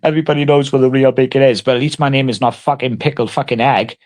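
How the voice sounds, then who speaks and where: A man's voice: medium pitch, fairly even intonation, fast talker, a little mellow. A man on a casual livestream, taunting and mock-threatening someone in crude, heavily sworn banter.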